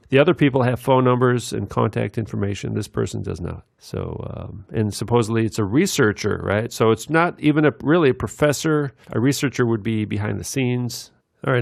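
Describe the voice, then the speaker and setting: A man giving rambling commentary over video clips, meandering with many filler pauses. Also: medium pitch, gravelly, dry recording, clean studio sound.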